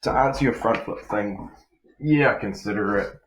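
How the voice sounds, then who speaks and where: Deep-voiced laid-back New man. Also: normal speed, a little hiss or hum. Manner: laid-back, rambling, many fillers. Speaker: podcast guest, freestyle motocross rider. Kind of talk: casual chat. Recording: roomy echo.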